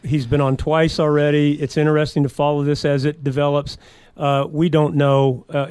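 Earnest man on talk radio, higher voice. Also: a little mellow, clean tone, no room sound. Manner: earnest, campaign-style, frequent restarts. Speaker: sheriff candidate guest.

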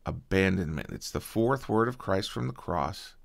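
Gravelly low-voiced male pastor preaching. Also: animated, normal speed. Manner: earnest preaching, soft-spoken prayer with fillers. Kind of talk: sermon.

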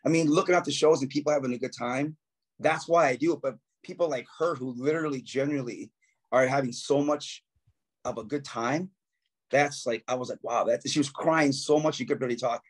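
A guest musician tells stories in casual talk, animated and acting out quotes in a raised voice. His voice is mid-range, slightly rough, and a little fast.

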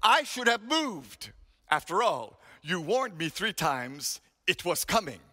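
A man's voice: high voice, sing-song, slow, pushed and bright, in a large hall, exaggerated voice. A man doing a kindly old church lady. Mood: reassuring.

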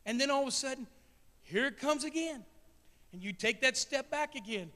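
A Midwestern American man preaches to his congregation, his voice sitting fairly high as he talks in a plain, folksy, emotional way. He asks the crowd questions and speaks to them directly. The sound carries the long echo of a church sanctuary. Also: lively intonation, moderate pace, bright, forceful tone. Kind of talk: sermon.

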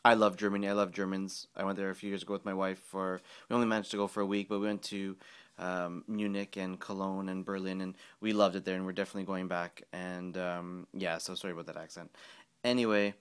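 Man, low pitch, smooth clear voice, casual hobby vlog, rambling with ums. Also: level tone, fast talker. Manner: rambling, many ums and restarts. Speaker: miniatures hobby vlogger.

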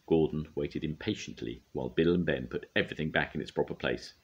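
An older man, a grandfather, reading a children's storybook aloud in a gentle, expressive way. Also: extremely low pitch, brisk, few pauses, breathy edge, lo-fi sound.

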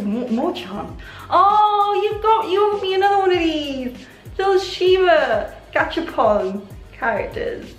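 A young woman vlogger chatting excitedly while unboxing gifts, gushing often, her voice a little hoarse. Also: high voice, echoey room. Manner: excitable, gushing, many oh my gods. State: voice going hoarse. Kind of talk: casual unboxing chat.

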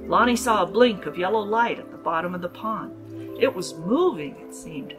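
Casting: woman author reading aloud, animated delivery, music underneath. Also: lowish voice, normal speed, poor audio. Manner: expressive, dramatic reading with slips. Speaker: writer reading her story. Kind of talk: story reading at a writers' group. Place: garden art gallery.

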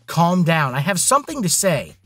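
Smug bossy rich guy, lively swings in pitch, man doing the voice. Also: moderate pace, dry recording, soft background music. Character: cocky, scheming rich young man.

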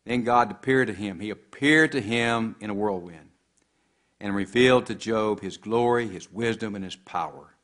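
A man's voice: lowish voice, normal speed, a bit bright. A man preaching a sermon, quoting scripture with rising and falling emphasis.

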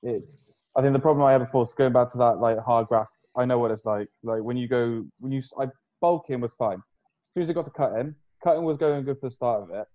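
A man's voice: medium pitch, fast talker, dull audio. Young man, loose sweary podcast chat. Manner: swears freely, loose and rambling. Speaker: podcast host, fitness coach. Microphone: video call.

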